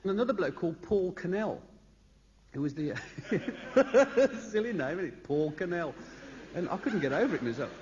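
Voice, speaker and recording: Rambling comedian, lively voice. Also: male voice, high voice, moderate pace. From Birmingham, England. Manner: rambling, chatty anecdotes with asides to the audience. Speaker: stand-up comedian. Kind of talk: live stand-up storytelling. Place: stage in a large concert hall. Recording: echoey lo-fi live concert recording. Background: audience laughter.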